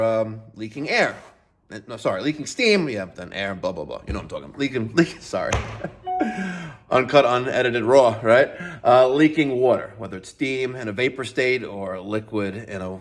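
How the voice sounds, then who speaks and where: Man, middle-aged, plumbing business owner, unscripted talk, rambling, fillers, self-correcting. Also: mid-range voice. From New York.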